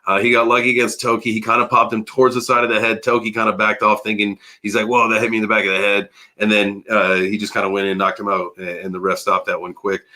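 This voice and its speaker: A man in his early forties hosting a casual crypto livestream, rambling and animated, chatting with viewers and swearing freely. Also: on the low side, fast, few pauses. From United States. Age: 40s.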